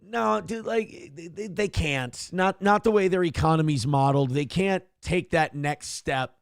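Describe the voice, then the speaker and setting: A man hosting a morning show, giving blunt, profane, animated commentary on the news. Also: on the high side, unhurried, vocal fry, clear, resonant tone, no echo, clean studio sound. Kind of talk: casual political commentary.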